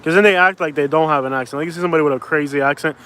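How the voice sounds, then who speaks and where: A man's voice: on the high side, rapid-fire, a bit bright, clear, resonant tone. A young man from Florida rambling casually with constant "like"s, vlogging outdoors into a phone on a stabilizer. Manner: rambling, heavy use of "like", restarts. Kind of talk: casual walk-and-talk vlog. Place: outdoors on a street. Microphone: phone on a handheld stabilizer.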